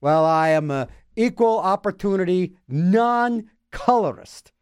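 Animated yet taking things slowly, a radio host with a high, bouncy, clean-toned voice wanders through comic asides. He mocks himself goofily and repeats words in silly voices, captured dry and close to the mic without echo.

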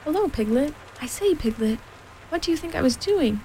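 A woman voicing a small, excited boy kangaroo who squeaks. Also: brisk, slight background noise, low-quality recording.

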